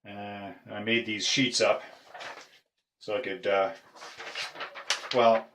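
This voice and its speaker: Brief: middle-aged male collector, slow, lowish voice, hesitant show-and-tell, echoey room. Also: little pitch movement, bright, forceful tone, a little hiss or hum. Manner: halting, with frequent "uh" pauses. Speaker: padlock collector. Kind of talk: casual show-and-tell video.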